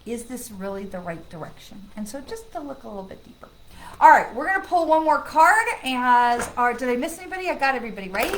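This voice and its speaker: Speaking fairly quickly in a slightly high voice over a noisy background, a psychic medium reads cards on a live stream. Her casual chat is reassuring and dotted with "okay?" and "right?", and she breaks into loud, excited laughter when friends arrive.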